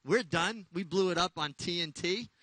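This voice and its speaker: A man co-hosting a horse racing show, explaining race replays in a measured, explanatory way. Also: high-pitched, pushed and bright, no echo. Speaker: show co-host.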